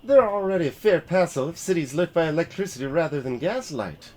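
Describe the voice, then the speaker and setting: A man voicing an irritable, sharp-tongued woman artificer with a Yorkshire accent, raising his pitch for her. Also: expressive, fast. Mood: grumpy. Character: irritable grumbling woman artificer, gruff mechanic.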